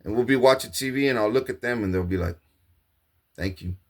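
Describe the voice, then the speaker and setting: Man monologuing to camera: grandiose, profane, repetitive, average pitch. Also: fast, darkish tone. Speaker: self-proclaimed king ranting to camera.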